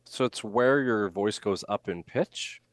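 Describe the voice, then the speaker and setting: A man with a fairly low voice talks as a coach in a podcast interview. He is animated, acting out his examples and swooping up in pitch to show them. The sound is dry and close. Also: unhurried, dry recording. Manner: animated, acts out rising intonation examples. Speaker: communication coach.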